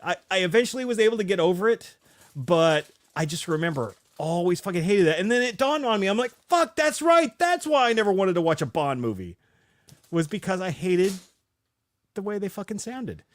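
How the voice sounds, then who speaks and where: A middle-aged man in his forties, co-hosting a podcast and telling a profane, animated story in casual chat. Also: high-pitched, brisk, no room sound, clean studio sound. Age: 40s. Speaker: podcast co-host.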